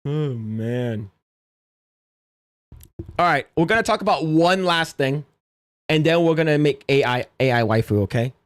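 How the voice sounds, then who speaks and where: A man hosting a casual livestream, reacting with loud exclamations and low mutters. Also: animated, measured pace, long pauses. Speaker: streamer and podcast host.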